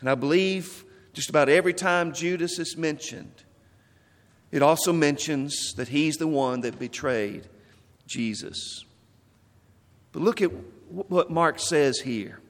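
A male pastor delivers a sermon at an unhurried, deliberate pace, leaning on repeated phrases to drive his points home. His voice sits a little high for a man. It rings out with the long reverb of a church sanctuary. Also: expressive, a bit bright. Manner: slow, deliberate preaching with repeated emphasis.

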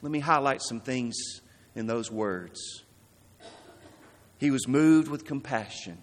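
A man preaching a sermon in an earnest, emphatic way, letting his voice sink low at key words. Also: slow. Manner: earnest, emphatic, dramatic drops in volume. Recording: long reverb of a large hall.

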